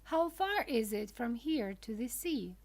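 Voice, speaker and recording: A tearful wooden puppet boy from a children's storybook, as a woman reads him out. he is eager and easily upset, and his pleading cries climb up high. he speaks slowly. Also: expressive.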